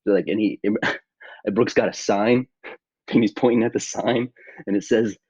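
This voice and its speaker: A man's voice: lowish voice, steady tone, unhurried, mellow, husky, dry recording, muffled recording. A man playing a tabletop game who narrates his character's actions in a hesitant, rambling way. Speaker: player.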